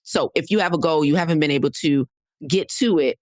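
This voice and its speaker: A woman's voice: deep voice, a little fast, a little mellow, no echo, clean studio sound. A woman podcast host, coaching listeners in a conversational way and often checking in with "right?". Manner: conversational, repeats key points, often asks "right?". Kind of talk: solo podcast teaching.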